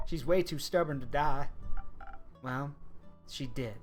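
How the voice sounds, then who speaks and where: A man streaming a cozy visual novel, reading the characters' lines aloud in a subdued, quiet way. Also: on the high side, slow, long pauses, faint music behind. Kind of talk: reading game dialogue aloud.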